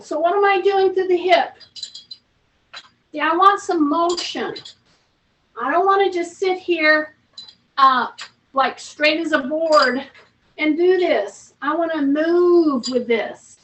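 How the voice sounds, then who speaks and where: A woman fitness instructor with a high voice coaches a seated workout, slow and chatty, counting reps and cueing each breath. She is recorded from some distance in an echoey home room, with a faint noise underneath. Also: a bit bright. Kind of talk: seated strength workout class. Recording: roomy, from off-mic, faint noise.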